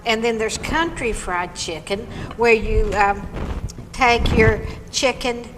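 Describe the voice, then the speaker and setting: A woman's voice: on the high side, takes it slowly. A middle-aged woman, co-hosting a cooking show, explaining recipes step by step in casual chat over dinner. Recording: reverberant room with background noise.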